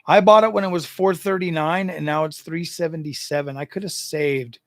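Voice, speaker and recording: A man hosts a tech channel in a casual, animated rant, stammering and doubling back on his words. His voice is a touch high with a gravelly edge. The sound is dry and close. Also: moderate pace, no room sound. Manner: animated, exasperated, stammers and repeats himself. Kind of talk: casual livestream chat.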